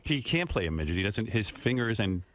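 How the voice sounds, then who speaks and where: Male radio host, teasing, lively pitch, casual banter. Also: brisk, dry recording. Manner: teasing, slips into joking put-on accents.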